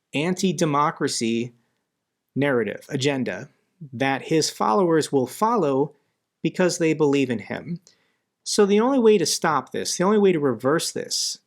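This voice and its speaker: A man hosting a viewer Q&A, giving commentary in an emphatic way and repeating phrases for stress. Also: mid-range voice. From United States. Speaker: political commentary host. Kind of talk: Q&A commentary, reading viewer questions.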